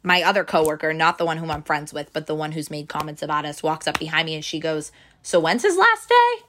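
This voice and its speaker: A young woman tells a workplace story in casual chat, acting out every person's lines and leaning on "like" as she goes. Her voice sits fairly low yet has a bright, tense edge. She keeps things animated and chatty throughout. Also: fast talker, a little hiss or hum. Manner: animated storyteller, fills with "like", acts out quotes. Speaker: bank teller telling a story.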